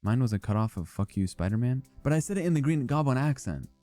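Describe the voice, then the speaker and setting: A man's voice: mid-range voice, expressive, fast talker, dark tone, no room sound, faint music behind. A young man casually commenting on his gameplay as he chats with viewers, joking and swearing freely. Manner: joking, profane, chatting with viewers. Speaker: streamer.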